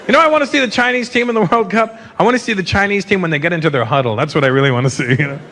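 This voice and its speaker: Faint audience laughter backs a fifties-aged Canadian stand-up performing a brash set in a large venue. His rapid-fire voice sits high and a little bright as he teases the crowd and slips into characters.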